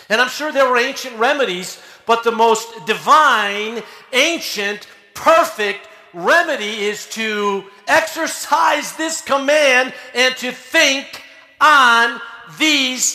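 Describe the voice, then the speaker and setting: A man preaching a sermon in a folksy, animated way, swinging from loud emphasis to hushed asides. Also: high-pitched, reverberant.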